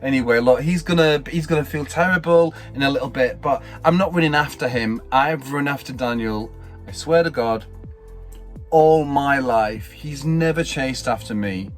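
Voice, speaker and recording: A man's voice: mid-range voice, soft background music. A middle-aged man vlogging, telling a story in a rambling, exasperated way. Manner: rambling, exasperated, quick asides. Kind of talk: casual vlog storytelling.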